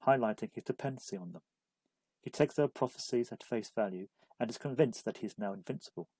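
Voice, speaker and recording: A man giving a measured, scripted narration of a literature study guide. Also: fairly low pitch, a little mellow, breathy edge, no echo, low-quality recording. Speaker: literature explainer.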